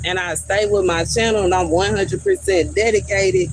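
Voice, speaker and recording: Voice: medium pitch, normal speed, hardly any pauses, a little hiss or hum, low-quality recording. A livestream host chatting casually and frankly with viewers outdoors by a garden, griping and laughing easily. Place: outdoors by a garden on a hot day.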